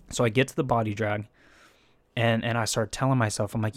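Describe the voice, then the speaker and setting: A young man telling a casual, profane story about taking a firefighter test, rambling and animated with frequent restarts. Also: mid-range voice, fairly quick, no echo. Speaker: firefighter candidate.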